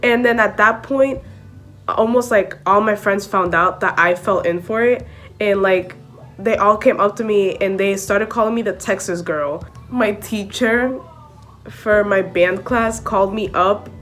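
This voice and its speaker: A woman's voice: medium pitch, unhurried, fairly bright tone, soft background music. A young woman vlogging casually to camera, chatty and full of "like" and "okay?", switching between English and Spanish. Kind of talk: casual story-time chat to camera.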